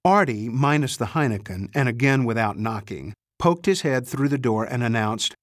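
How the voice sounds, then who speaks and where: Measured male audiobook narrator, dry. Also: mid-range voice, animated, no echo. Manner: measured, dry storytelling with lightly voiced characters. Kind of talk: scripted narration.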